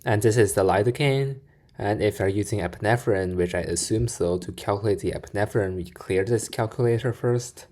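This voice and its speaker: A man's voice: lowish voice, fairly quick, darkish tone. A man reacting to videos and explaining calculations step by step, half muttering to himself as he works. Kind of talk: casual reaction commentary.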